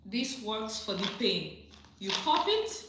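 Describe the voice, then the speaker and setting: A woman's voice: mid-range voice, sing-song, takes it slowly, background noise. A woman hosting a casual livestream, reading viewer questions aloud and answering them directly, often laughing and repeating her advice for emphasis. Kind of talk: casual live chat, reading and answering comments. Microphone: phone or computer mic on a livestream. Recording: very echoey room.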